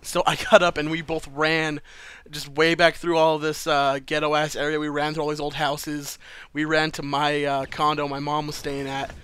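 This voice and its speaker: Bright, crisp-voiced guy telling a story. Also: fairly high pitch, monotone, normal speed, no echo. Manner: loose and chatty, laughs between lines, swears freely. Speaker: vlogger telling a personal story. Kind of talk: casual storytelling.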